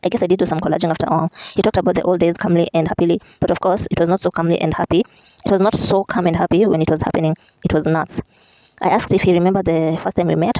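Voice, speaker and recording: A woman reads a memoir aloud at a quick clip, slipping in offhand asides and fixing her own slips as she goes. Her voice is mellow and warm, and the sound is dry and close. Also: fairly low pitch, steady tone, dry recording, poor audio. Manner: reads aloud with self-corrections and chatty asides. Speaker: vlogger reading a memoir aloud. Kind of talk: casual read-aloud.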